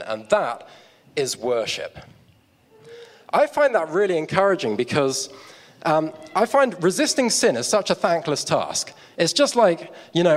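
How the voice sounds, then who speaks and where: A man preaching a sermon on stage, telling a story with props and chatty asides to the audience. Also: on the high side. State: out of breath. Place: church hall stage. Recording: long hall reverb.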